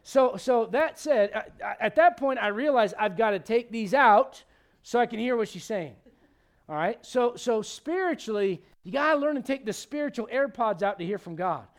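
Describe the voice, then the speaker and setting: A male pastor preaching a sermon, animated and conversational, with frequent restarts. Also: very high-pitched, normal speed.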